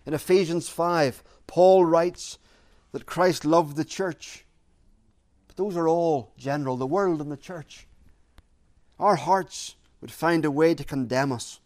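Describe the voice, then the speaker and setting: A man preaching a sermon, earnest and deliberate, repeating key phrases for emphasis. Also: fairly high pitch, a little mellow.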